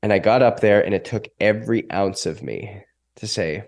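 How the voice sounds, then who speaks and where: A man's voice: on the low side, moderate pace, vocal fry. A man in his thirties, a podcast guest, telling a personal story with feeling and acting out the voices of others. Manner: emotional, animated storytelling with acted quotes. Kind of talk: storytelling in an interview.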